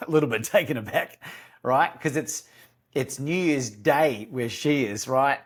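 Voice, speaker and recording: An Australian man, a podcast guest and courage coach, telling lively stories in an interview and acting out the phone calls he recounts. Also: medium pitch, a little slow. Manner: animated storyteller, acts out phone calls. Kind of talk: storytelling interview talk.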